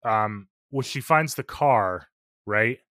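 With a lowish, expressive voice and a fairly bright tone, a male podcast co-host speaks slowly about a film. He is casual and enthusiastic, swears freely, and fills his talk with fillers, in a dry, studio-quality recording.

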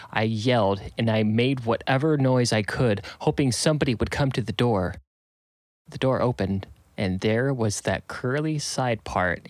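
A man's voice: medium pitch, no room sound. A man narrating a serial first-person story in an earnest, urgent way.

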